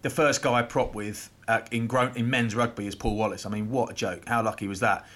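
A man, former rugby player, co-hosting a podcast and telling stories in lively casual chat. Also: on the low side. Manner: animated anecdote telling with quick voice impressions.

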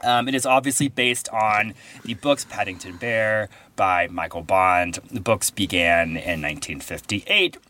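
A man's voice: fairly low pitch, unhurried, hardly any pauses. A man hosting a casual film podcast with his friends, talking enthusiastically about movies. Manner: enthusiastic, animated. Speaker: podcast host.

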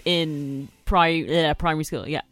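Irish female co-host, young, opinionated and chatty, slightly low voice, dry studio. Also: fairly even intonation, unhurried, a bit bright, no room sound, soft background music. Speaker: radio co-host. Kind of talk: casual chat.

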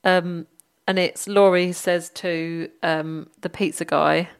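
A woman's voice: fairly low pitch, steady tone, slow pace, clear, resonant tone. A woman co-hosting a podcast from home, chatting casually and teasing with frequent giggles. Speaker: podcast co-host. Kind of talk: casual chat. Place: home with a dog nearby.

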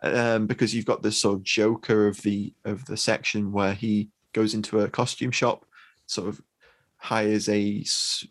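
Brief: British man, podcast co-host, low voice, dry close sound, halting casual delivery. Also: level tone, dry recording. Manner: halting, many restarts and ums.

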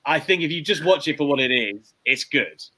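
A man's voice: on the high side, expressive, brisk, sharp tone. A man hosting a casual wrestling podcast, chatting in a rambling way with frequent restarts. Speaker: podcast host.

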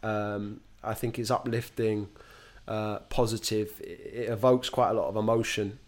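Halting British actor, chatty guest. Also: male voice, lowish voice, little pitch movement. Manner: halting, many restarts, slangy. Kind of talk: casual podcast chat.

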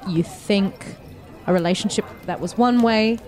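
A woman running a tabletop roleplaying game, relaxed and laughing often. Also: mid-range voice, a little slow. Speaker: game master.

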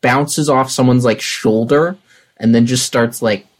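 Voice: mid-range voice, steady tone, unhurried. A player in a tabletop game, talking in a playful, chatty way.

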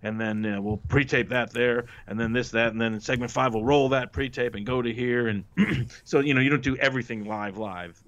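A man with a medium-pitched, slightly bright voice speaks a little fast, with fairly even intonation and few pauses. He is a former wrestling writer sharing stories as an interview guest in a casual setting, loudly acting out quotes and swearing liberally. The recording is muffled lo-fi.

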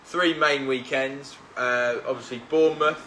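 A man's voice: mid-range voice, steady tone, unhurried, sharp tone, reverberant, a little hiss or hum. A man hosting a podcast, chatting casually with his mates and telling self-deprecating stories. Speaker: podcast host.

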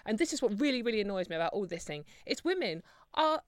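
A woman's voice: mid-range voice, sing-song, fast, dry recording, clean studio sound. A woman co-hosting a talk radio show, chatty and emphatic. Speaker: radio co-host. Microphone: studio microphone.

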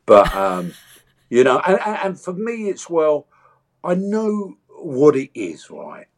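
A man's voice: on the high side, slow pace. A man, an actor chatting as an interview guest and acting out quotes as he tells stories. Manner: animated storyteller, acts out voices and quotes. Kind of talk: casual interview chat.

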